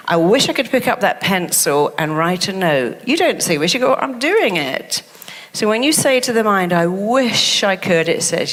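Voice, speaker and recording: A middle-aged woman psychotherapist talking in an interview, emphatic and animated, often acting out the voices of clients and the inner critic. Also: mid-range voice, normal speed. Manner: animated, acts out quoted voices and inner thoughts; emphatic, stresses strong words. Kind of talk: interview conversation.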